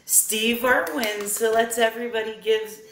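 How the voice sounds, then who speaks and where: A woman hosting as a psychic medium, talking in a slow, halting way with many fillers. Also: a little high, a bit bright, a little hiss or hum. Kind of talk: casual talk show chat. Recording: echoey room.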